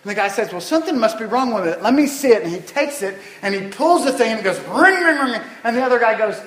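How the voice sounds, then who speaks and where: A man's voice: high-pitched, expressive, fast talker, roomy sound, rough recording. A man preaching a sermon, telling folksy stories and asking the congregation rhetorical questions. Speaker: pastor.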